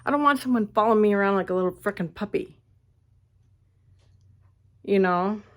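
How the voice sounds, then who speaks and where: A woman vlogger rants casually to her viewers, blunt, animated and freely swearing, in a mid-range voice at a moderate pace. She is recorded on a phone indoors at a friend's house.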